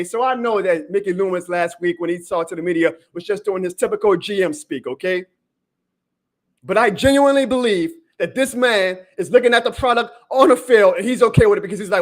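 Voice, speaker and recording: A man's voice: high voice, fairly bright tone. A man hosting a sports podcast, ranting emphatically and profanely to his listeners. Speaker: podcast host.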